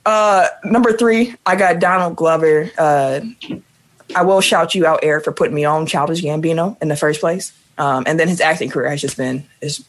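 Animated woman ranking favorites in chat. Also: low voice, normal speed. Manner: animated, emphatic, repeats herself. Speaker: podcast co-host. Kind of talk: casual chat.

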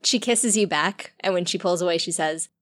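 A woman's voice: on the low side, moderate pace. Woman narrating as game master. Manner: descriptive, second-person narration.

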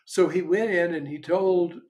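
Older spiritual teacher, frank and unhurried. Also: male voice, sits high, steady tone, a little mellow. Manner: frank, conversational storytelling with pauses.

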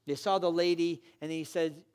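A man's voice: fairly high pitch, fairly even intonation, normal speed, darkish tone, smooth. A man preaching a sermon, retelling a story and urging his listeners on in an earnest, exhortative way. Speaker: pastor.

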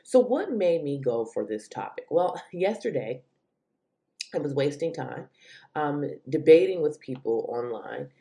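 A woman hosts her own commentary show, speaking right to her listeners. Her voice sits low and mellow. When she gets exasperated it leaps sharply upward in animated bursts. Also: a little slow, gravelly. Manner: animated, exasperated rants with sudden high pitch jumps. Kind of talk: opinion commentary monologue.

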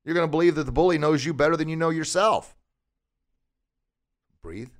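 A podcast host who teaches martial arts gives a spirited motivational talk, peppering listeners with rhetorical questions. His pitch sits on the high side, and he moves at a moderate pace with long pauses.

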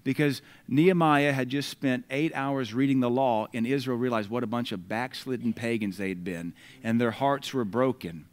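A man with an American accent delivers a sermon in a middle-pitched voice. He reads scripture with loud, emphatic bursts and then drops into relaxed, conversational asides aimed at the congregation. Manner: conversational asides between readings. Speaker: preacher.

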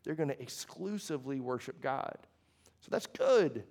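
A man's voice: mid-range voice, expressive, moderate pace, darkish tone. A man preaching a sermon to a congregation, talking in a conversational way with restarts and asides. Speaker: pastor. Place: church hall before a congregation.

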